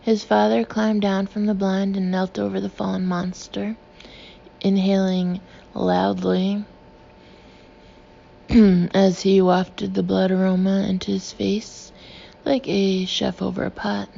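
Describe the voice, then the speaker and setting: A woman narrating an audiobook in a hushed manner that sometimes turns breathy and near-whispered. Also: mid-range voice, flat delivery, slow pace, long pauses, lo-fi sound.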